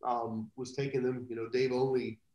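A man telling rambling, animated anecdotes as a guest in a live video chat. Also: medium pitch, moderate pace, reverberant, dull audio. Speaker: guest drummer. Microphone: video call.

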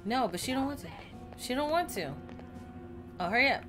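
A gameplay streamer with a high-pitched, animated voice offers casual let's-play commentary at a moderate pace while playing a story game, with music underneath. She's chatty and outspoken, reacting loudly to the story.

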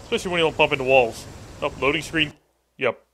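A man's voice: on the high side, quick pace, a bit bright, a little hiss or hum. A young man giving casual, joking, profane commentary while playing a video game. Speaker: let's play gamer.

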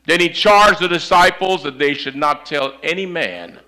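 A man preaching a sermon, telling a story in a dramatic way that swings from loud to hushed, on a microphone that cuts in and out. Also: fairly high pitch, normal speed, low-quality recording. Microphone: handheld or stand mic that cuts out.

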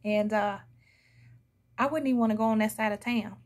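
A woman's voice: mid-range voice, fairly even intonation, a little fast. A woman giving a casual, blunt tarot reading, chatting to viewers and laughing often. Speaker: tarot reader.

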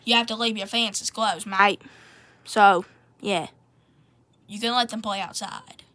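A woman's voice: mid-range voice, fairly even intonation, unhurried, a bit bright, natural voice. A woman playing the country Australia as a character in a playful home role-play, rambling and ending nearly every sentence with "mate". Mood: chatty.

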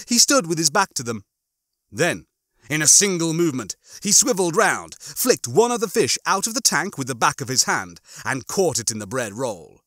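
Guy reading a comedy audiobook, super lively, bright voice, dry close sound. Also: mid-range voice, normal speed, no echo. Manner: animated, expressive storytelling. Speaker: audiobook reader. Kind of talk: comic audiobook narration.

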